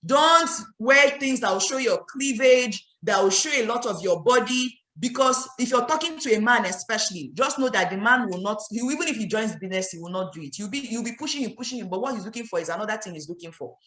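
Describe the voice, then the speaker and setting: A woman with a Nigerian accent delivers a fiery, scolding training talk in a fairly high voice. She hammers home her points with repeated rhetorical questions. The sound carries a roomy echo. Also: animated, quick pace, hardly any pauses, a bit bright. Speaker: network marketing trainer.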